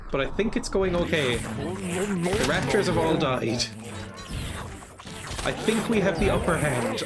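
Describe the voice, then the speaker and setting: A man streaming a strategy game, casually thinking aloud in a rambling way and chuckling often. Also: a little high. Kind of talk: casual gameplay commentary.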